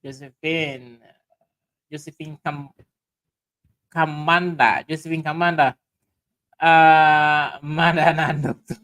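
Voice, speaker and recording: A man's voice: fairly high pitch, fairly bright tone, rough recording. Sierra Leonean man hosting a livestream. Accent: Sierra Leonean Krio. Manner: halting, many fillers and restarts, mixes Krio and English. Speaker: livestream host. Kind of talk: casual livestream talk, reading viewer comments.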